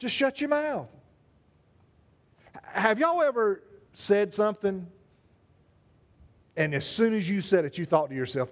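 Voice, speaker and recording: A man preaching to his congregation, his voice sitting noticeably high. He is animated and conversational, calls people out by name and jokes with them as he teaches. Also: measured pace, pauses often. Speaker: pastor. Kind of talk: sermon.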